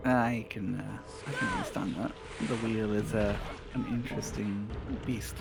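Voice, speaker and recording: A man's voice: on the low side, steady tone, normal speed, creaky. A man with a British accent giving live speedrun commentary, chatty and self-deprecating. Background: music.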